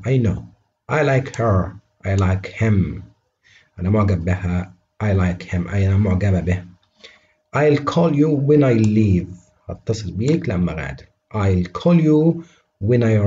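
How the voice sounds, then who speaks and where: Guy teaching english, says phrases slow then translates fast, a bit low, faint hiss behind. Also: warm tone, lo-fi sound. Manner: models each English phrase slowly and clearly, then translates it quickly into Arabic. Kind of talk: English vocabulary lesson.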